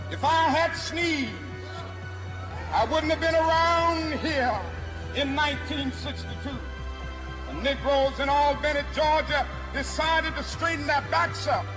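A man preaching to a live crowd, speaking in rhythmic repeated refrains that build to ringing shouts. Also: very high voice. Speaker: preacher and civil rights speaker. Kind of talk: impassioned oratory to a live crowd. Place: large hall before an audience. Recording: archival speech with long hall reverb and music behind.

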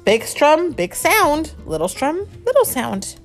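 In a read-aloud storybook, a woman puts on a jumpy, nervous young man who speaks in anxious, excited bursts. The voice sits high and swings widely in pitch, with faint music underneath. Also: moderate pace. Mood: playful.

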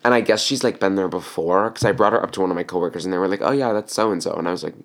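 A man's voice: low voice, rapid-fire. A young man co-hosting a podcast, chatting casually with lots of fillers and blunt opinions. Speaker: podcast co-host. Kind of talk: casual chat.

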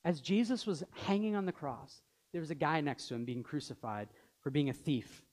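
A man's voice: fairly high pitch, moderate pace, a little mellow. A man in his thirties preaching a sermon as pastor, telling stories earnestly and acting out the dialogue. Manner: earnest storytelling, acts out dialogue.

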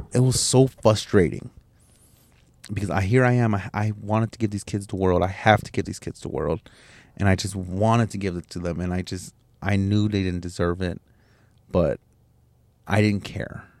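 A man's voice: lowish voice, vocal fry, a little mellow, no room sound. A man hosting a podcast, telling a personal story in a candid, emotional way, swearing and restarting his sentences. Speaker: podcast host.

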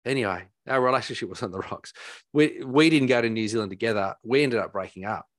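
A man's voice: medium pitch, quick pace, no room sound, studio quality. A man, a guest telling heartfelt stories in a rambling way, with many fillers and restarts. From Australia. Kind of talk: casual storytelling.

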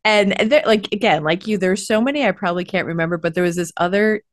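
A woman's voice: mid-range voice, quick pace, no room sound, clean studio sound. A woman who works as a standardized patient, chatting casually and laughing as she recounts stories from her work. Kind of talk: casual conversation.

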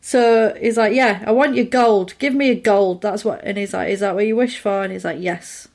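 A woman's voice: mid-range voice, normal speed. Chatty woman retelling a film. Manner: animated retelling, acting out the characters' lines. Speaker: podcast co-host recapping a film. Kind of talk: casual chat.

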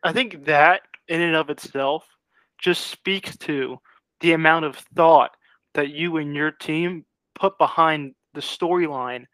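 A man's voice: on the high side, slow pace, bright, forceful tone, dry recording. A man hosting an interview podcast, asking easygoing questions and laughing along with his guest. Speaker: podcast host. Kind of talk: casual interview chat.

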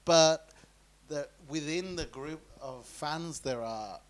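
Podcast co-host, male, voice a bit high, meandering and full of restarts. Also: slow pace. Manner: rambling, full of "like" and restarts, often laughing. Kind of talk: casual chat.

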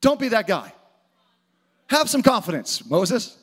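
Man, pastor, energetic sermon, high voice, shouted emphasis. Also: measured pace, slightly rough. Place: church auditorium with live audience.

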